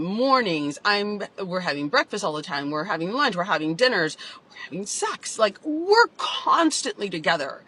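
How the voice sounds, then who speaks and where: A woman's voice: mid-range voice, sharp tone, slightly rough, rough recording. A woman telling her own story in a candid vlog, emotional and confessional, with lots of "like".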